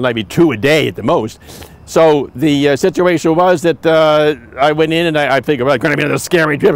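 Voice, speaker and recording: A man's voice: mid-range voice, clear, resonant tone. A man in his seventies telling old stories in a rambling way, with many restarts and asides. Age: 70s. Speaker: returned volunteer telling stories. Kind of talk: oral history storytelling.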